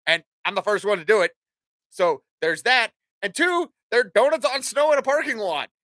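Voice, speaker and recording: A man in his forties with a high, bright voice delivers a rambling, swear-heavy rant as a talk show host. The sound is dry and close, with no room echo. He jumps from one opinion to the next in a loose, casual way. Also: lively intonation, moderate pace. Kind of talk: casual ranting monologue.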